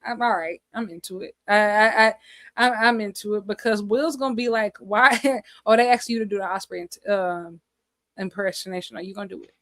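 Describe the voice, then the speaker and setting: A woman's voice: mid-range voice, a little fast, no room sound. A woman co-hosting a podcast, chatting casually and jokingly in slang. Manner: animated, jokey, slangy. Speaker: podcast co-host. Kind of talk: casual wrestling chat.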